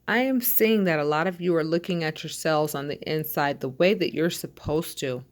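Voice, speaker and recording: Low-voiced woman giving a tarot reading. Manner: calm, reassuring, speaks directly to listeners. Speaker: tarot reader.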